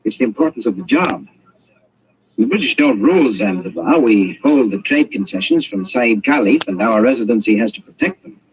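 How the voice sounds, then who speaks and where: A dry young British official. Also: male voice, mid-range voice, big pitch swings, normal speed. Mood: dry, ironic. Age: young adult. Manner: dryly ironic, probing. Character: young British colonial official, cool and probing. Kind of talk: 1940s radio drama acting. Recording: dull lo-fi old radio recording, faint hiss.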